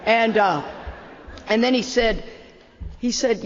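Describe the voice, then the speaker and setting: An older woman, an animated and self-deprecating storyteller, telling a long personal story as the opening speaker of a talk. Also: mid-range voice, measured pace, pauses often. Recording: muffled roomy hall.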